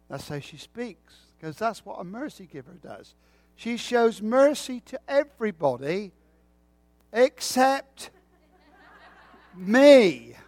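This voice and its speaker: High-voiced man preaching slowly. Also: no room sound. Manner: folksy, joking storytelling. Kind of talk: sermon.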